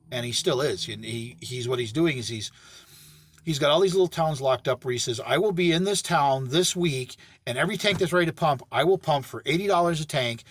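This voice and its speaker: A man's voice: mid-range voice, a bit bright, no echo. Rambling middle-aged man in a truck. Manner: rambling, self-correcting, plainspoken. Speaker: septic pumping business owner. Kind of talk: casual talk to camera. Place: inside a parked work truck.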